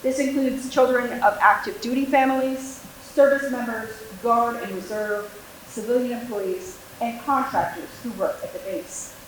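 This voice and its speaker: A woman's voice: fairly high pitch, steady tone, moderate pace. A middle-aged woman projects her voice the way a teacher would, delivering a formal address to a board. The room is very echoey, and a faint hiss runs under her voice. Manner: projecting teacher voice without a microphone. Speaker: military school liaison. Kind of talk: prepared public address. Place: school board meeting room.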